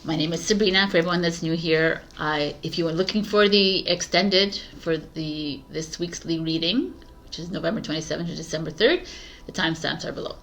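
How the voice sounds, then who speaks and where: Her voice sits low, a bit gravelly and bright, and moves a little fast over slight background noise. Talking tarot casually with her viewers, she giggles, laughs at herself and keeps losing her train of thought.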